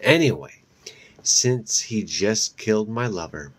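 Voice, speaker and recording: A centuries-old female vampire from a horror audiobook, put on by a man reading aloud, taunts her prey in a sugary, mocking tone. She speaks low and unhurried, with slow menace. Her cruelty comes across as playful. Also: animated, fairly bright tone, full character voice. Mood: menacing.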